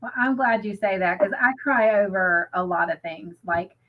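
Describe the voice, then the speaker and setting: On a crafting livestream with muffled lo-fi audio, a female co-host with a mid-range voice talks at normal speed. Her chat is casual and emotional, full of "you know" fillers, and she reads viewer comments aloud.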